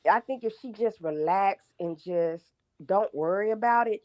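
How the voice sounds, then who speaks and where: A woman's voice: medium pitch, moderate pace, a little mellow, no room sound. A woman in her forties calling in to a live show, talking through her points one by one in a chatty, emphatic way. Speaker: caller. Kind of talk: casual phone-in chat.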